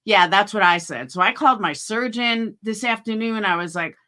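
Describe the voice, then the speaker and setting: Bright-voiced woman chatting on a livestream. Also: medium pitch, moderate pace, hardly any pauses. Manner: chatty, frank, swears freely. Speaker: livestream host. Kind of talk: casual livestream chat. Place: at home.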